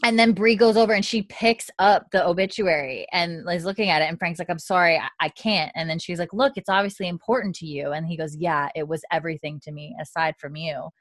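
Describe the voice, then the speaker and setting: A woman with a fairly low voice recaps a TV episode in casual conversation. She keeps quoting the characters' lines in between plenty of fillers. The sound is dry and close. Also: brisk, few pauses, a bit bright, no room sound. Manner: retells scenes with quoted lines, many fillers and laughs. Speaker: podcast co-host recapping a TV episode.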